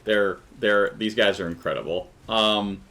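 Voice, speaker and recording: Deep-voiced man running a tabletop game. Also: vocal fry, fairly bright tone. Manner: halting, full of fillers and restarts. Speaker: game master.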